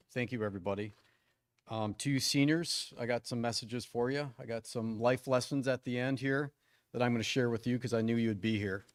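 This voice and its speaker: A man's voice: mid-range voice, no echo, clean studio sound. A man in his fifties, a longtime teacher and coach, giving a joking, self-deprecating acceptance speech at a school ceremony, with plenty of ums and restarts.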